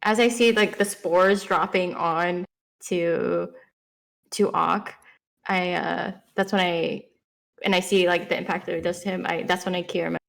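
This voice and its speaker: Brief: woman player, gravelly vocal fry, rambling and loose. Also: on the low side, fairly even intonation, measured pace. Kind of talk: casual tabletop game play.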